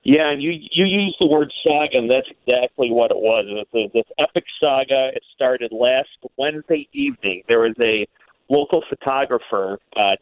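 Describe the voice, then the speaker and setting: A male radio producer, guesting on the show by phone, tells a long story packed with fillers and restarts. His voice is medium-pitched, and the tinny, dry phone line has no echo.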